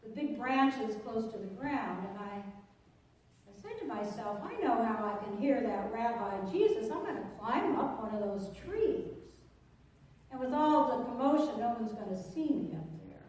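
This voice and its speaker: A woman pastor performing a first-person monologue as Zacchaeus, an anxious tax collector, telling his story with halting, repeated words. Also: fairly high pitch, animated, darkish tone. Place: church sanctuary. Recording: echoey sanctuary, distant mic.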